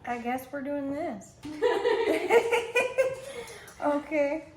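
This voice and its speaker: A woman's voice: a little high, moderate pace. A young woman joining as a guest on a home cooking vlog, talking in a dry, matter-of-fact way as she reads out ingredients. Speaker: guest co-baker. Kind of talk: casual cooking vlog chat. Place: home kitchen. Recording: echoey kitchen with faint noise.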